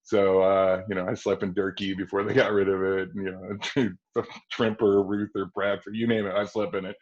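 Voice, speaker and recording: A man's voice: low voice, moderate pace. A man in his forties from Wisconsin, guesting on a podcast and telling a long anecdote, acting out the voices of the people in it. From Kenosha, Wisconsin. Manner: lively raconteur who acts out quoted voices and laughs often. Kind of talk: anecdotal storytelling. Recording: dull lo-fi podcast audio.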